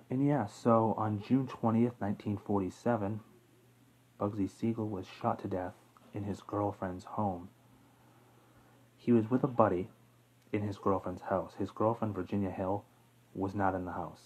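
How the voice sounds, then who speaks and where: A man's voice: fairly low pitch, steady tone, a little slow, a little mellow, slightly rough, poor audio. A man hosting a casual true-crime video, rambling with fillers, self-corrections and the odd chuckle. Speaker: YouTube true-crime host. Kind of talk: casual off-the-cuff talk to camera.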